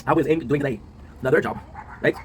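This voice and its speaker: A man in his twenties, a streamer and video creator, talking in a casual confessional monologue. He sounds low and worn out, rambling, tagging lines with a question and swearing often. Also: fast talker, slight background noise, poor audio. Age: 20s.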